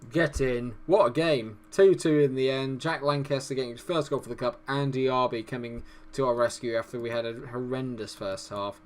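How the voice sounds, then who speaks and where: A man's voice: medium pitch, steady tone, moderate pace, few pauses. A young man commentating casually on his own football management game, swearing freely and cheering and groaning at the action. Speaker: gaming YouTuber.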